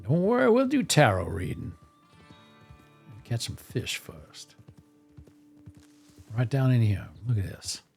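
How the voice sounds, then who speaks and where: A man's voice: medium pitch, huge pitch swings, slow, creaky, pauses often, slightly rough, faint music behind. A man streaming a western role-play game, chatting in a rambling, playful way and talking to his horse while staying in character. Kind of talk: casual chat while role-playing in a game.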